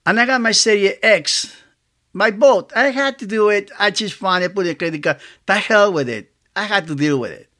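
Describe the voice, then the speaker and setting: A man, hosting a casual solo podcast, rambling excitedly, laughing often and acting out both sides of conversations. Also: high voice, normal speed. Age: 60s. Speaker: podcast host.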